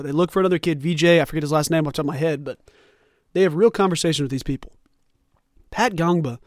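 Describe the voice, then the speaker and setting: Animated young man talking college sports. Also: fairly high pitch, no echo, clean studio sound. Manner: animated, rambling, conversational with many asides. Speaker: sports podcast host. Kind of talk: casual sports commentary monologue.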